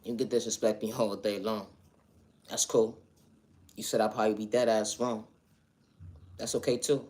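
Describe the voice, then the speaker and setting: A man delivering an earnest spiritual motivational monologue, repeating affirmations and now and then breaking into loud, high shouted refrains. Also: little pitch movement, normal speed, long pauses. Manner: repetitive affirmations, earnest and emphatic. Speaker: spiritual vlogger.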